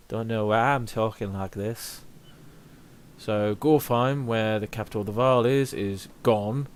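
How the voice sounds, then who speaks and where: A man's voice: lowish voice, measured pace. A young man chatting casually while streaming a video game, rambling and reading game text aloud. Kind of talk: casual live gameplay commentary.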